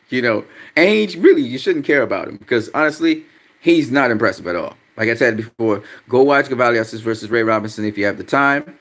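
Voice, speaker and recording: A male livestream host with a medium-pitched, slightly bright voice talks fairly quickly with lively intonation. During a casual boxing chat he reads viewer comments, swearing a lot, speaking bluntly and getting irritated easily.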